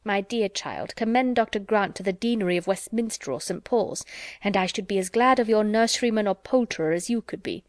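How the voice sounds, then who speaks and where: A woman's voice: mid-range voice, expressive, a little fast, dry recording, clean studio sound, close to an everyday voice. A woman voicing a fussy, talkative married housekeeper who chatters on about her small grievances. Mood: fretful. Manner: chattering, put-upon complaining.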